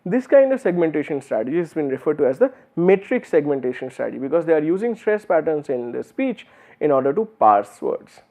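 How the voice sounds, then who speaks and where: A man's voice: a little high, sing-song, a little fast, warm tone. A man with an Indian English accent giving a university lecture, explaining patiently with many fillers and restarts. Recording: phone-like narrow band.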